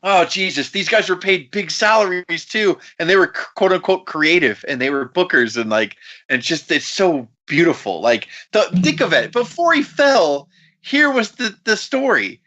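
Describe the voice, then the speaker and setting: A man co-hosting a podcast in loose, animated chat, cursing freely as he riffs. His voice is fairly high and has a tense, forceful brightness. The recording sounds a little dull and lo-fi. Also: normal speed. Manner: animated, swears often, puts on quoted voices. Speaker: podcast co-host. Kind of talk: casual chat.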